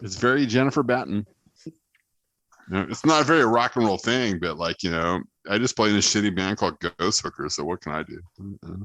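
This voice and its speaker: Rambling jokey lower-voiced man. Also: a little fast, a bit bright, no room sound. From Texas. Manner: rambling, jokey, many fillers. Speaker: guitarist and songwriter being interviewed. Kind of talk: casual chat.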